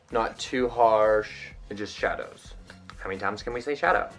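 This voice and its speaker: A man's voice: on the low side, moderate pace, faint music behind. A young man chatting through a makeup tutorial in a casual, self-mocking way. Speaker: vlogger.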